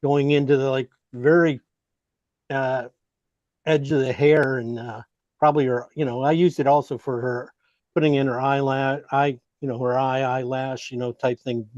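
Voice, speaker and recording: A man's voice: medium pitch, level tone, moderate pace, darkish tone, dry recording, muffled recording. A man teaching an online painting class, giving rambling, encouraging feedback full of fillers.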